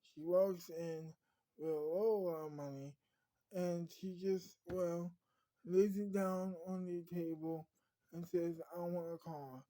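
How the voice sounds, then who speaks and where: A woman's voice: on the low side, steady tone, takes it slowly, dark tone, dry recording, rough recording. A woman narrating an improvised story in a rambling way, often restarting her sentences. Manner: rambling, frequent restarts and fillers.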